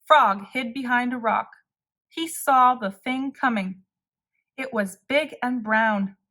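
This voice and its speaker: A woman reading a picture-book story aloud to children in a slow, expressive way. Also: on the high side.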